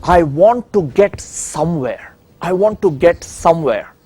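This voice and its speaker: A man's voice: on the high side, lively intonation, measured pace, dark tone, breathy edge. A man voicing a lost young girl while retelling a fairy tale in a lecture. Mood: pleading.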